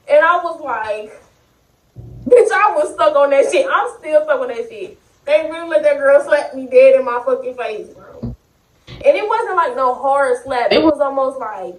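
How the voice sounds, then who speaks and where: A young woman vlogger telling a story in a casual, animated, profane and slangy way. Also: high voice, distant mic. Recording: echoey room, a little off-mic.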